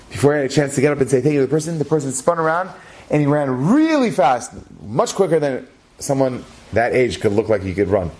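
A man telling a religious story aloud, acting out what the people in it say and lifting his voice at the tense turns. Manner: animated, rises in pitch at dramatic moments; acts out characters' lines in his own voice.

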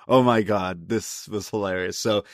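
Guy on a review podcast, excited retelling, dead dry sound. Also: lowish voice, normal speed, no echo. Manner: animated retelling, acts out quotes in put-on voices. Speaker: podcast co-host. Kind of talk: casual review chat.

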